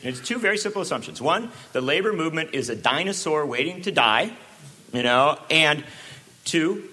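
Animated, sarcastic male speaker. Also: a little high. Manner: sarcastic, animated, with many asides. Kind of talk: public talk.

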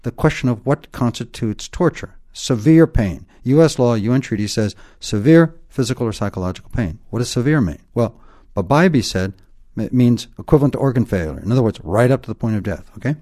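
A man's voice: mid-range voice, lively intonation, brisk, dark tone. A man explaining points emphatically in an interview, lecturing and often tagging points with "okay?". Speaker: guest expert.

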